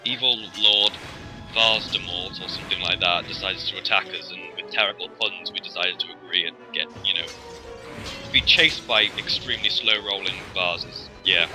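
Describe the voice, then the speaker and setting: A man's voice: deep voice, normal speed, over music, poor audio. A man hosting a casual let's-play, rambling and joking with plenty of ums. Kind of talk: casual gameplay commentary.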